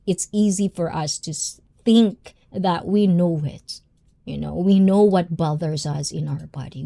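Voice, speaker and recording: A woman's voice: deep voice, gravelly, warm tone. A woman hosting a casual livestream, a personal trainer who chats with viewers by name and laughs often.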